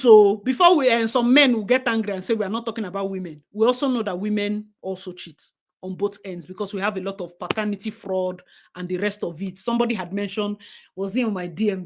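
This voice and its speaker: A young woman with a Nigerian accent, hosting a livestream and giving blunt, outspoken commentary. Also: mid-range voice. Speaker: livestream host.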